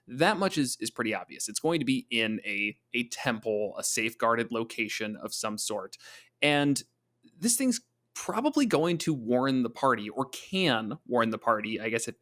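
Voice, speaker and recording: On a tabletop gaming podcast, this co-host talks through monster design in an easygoing, conversational way. He muses aloud, stays thoughtful and talkative, and now and then slips into brief impressions of his players, all at a regular mid-range pitch.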